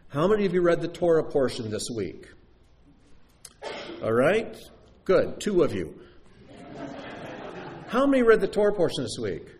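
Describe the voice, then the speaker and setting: Lively man preaching a sermon. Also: on the high side, unhurried, long pauses. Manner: animated, asks the congregation questions. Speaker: pastor. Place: sanctuary before a congregation.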